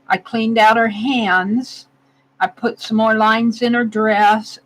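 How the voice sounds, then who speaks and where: An art vlogger narrates casually while carving a stamp, thinking aloud and laughing at herself. Her voice is on the high side and a bit bright, though the recording quality is low.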